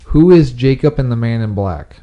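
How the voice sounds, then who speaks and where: A man's voice: mid-range voice, lively intonation, moderate pace, warm tone, highs cut off. A man hosting a casual podcast, asking questions and joking loosely, with casual swearing. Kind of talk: casual group chat.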